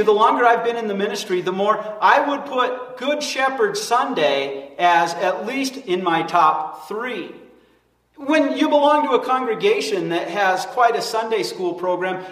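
A man, a pastor, preaching a sermon in an emphatic, animated way. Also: sits high. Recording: echoey church hall from far off.

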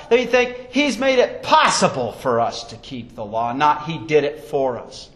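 A pastor delivering a sermon and closing prayer, preaching emphatically with sweeping rises and falls. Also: male voice, a little high, sing-song, unhurried, hardly any pauses, fairly bright tone.

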